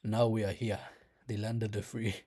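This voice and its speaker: A young man quoting his older uncle in a calm, mysterious tone, delivering solemn pronouncements. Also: fairly low pitch, moderate pace, slightly rough. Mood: cryptic.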